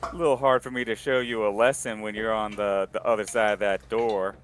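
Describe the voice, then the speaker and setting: A man playing a cowboy-like ranger in a tabletop game, answering with cocky, drawling taunts. His voice sits low, with a faint hiss behind it. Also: steady tone, a little fast. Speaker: player.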